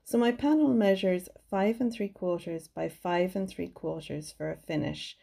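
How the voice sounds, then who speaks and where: A woman's voice: fairly low pitch, normal speed, gravelly, warm tone. A woman giving a chatty, cheerful craft tutorial voice-over from her home craft room. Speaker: card-making crafter.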